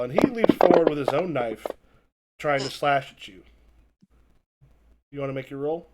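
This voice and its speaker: Brief game master, halting delivery, a touch higher voice. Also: male voice, a little mellow, a little hiss or hum. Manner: halting, filler-heavy, chuckling. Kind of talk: improvised tabletop narration.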